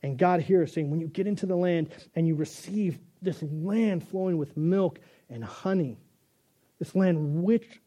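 A man's voice: on the high side, warm tone. A male pastor delivering a conversational sermon, joking and restarting as he goes.

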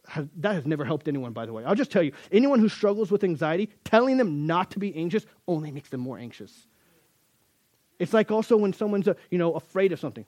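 A man's voice: on the high side, lively intonation, brisk, darkish tone, no echo. A male pastor preaching a sermon in a conversational, emphatic way, often speaking to his listeners as guys.

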